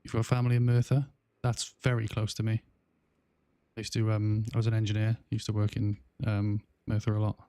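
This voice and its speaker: Low, flat-voiced South Welsh man. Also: fairly quick, smooth, dry recording. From South Wales. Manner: chatty, rambling, with frequent fillers and restarts. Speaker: gaming streamer. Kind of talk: casual livestream chat while gaming.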